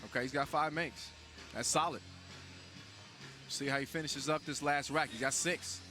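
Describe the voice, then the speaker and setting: A man's voice: fairly high pitch, normal speed, pushed and bright, faint music behind. A man calling live basketball play-by-play in a casual, joking way, full of fillers and restarts. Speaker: sports commentator. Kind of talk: live sports commentary. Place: basketball event venue.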